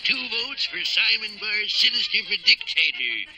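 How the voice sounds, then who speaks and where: A man's voice: high voice, big pitch swings, normal speed, over music, low-quality recording. An actor playing a scheming, gleeful male mad-scientist villain in a 1960s cartoon, sneering and bossy. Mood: gloating.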